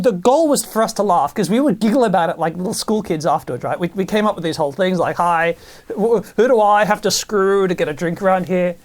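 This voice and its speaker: A man, possibly, telling stories in a casual monologue, animated and full of restarts. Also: high-pitched. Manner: animated storytelling with many restarts.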